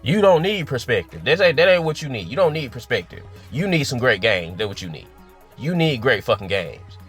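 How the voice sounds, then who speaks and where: A man's voice: mid-range voice, big pitch swings, a little fast, a bit bright, husky, faint music behind. A man giving a casual opinion rant about gaming, profane and exasperated, firing off rhetorical questions. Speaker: gaming commentator.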